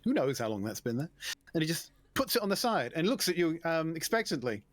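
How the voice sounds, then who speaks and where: A man narrating a tabletop game as game master, relaxed and prone to stammering restarts. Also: a little high, brisk, no echo.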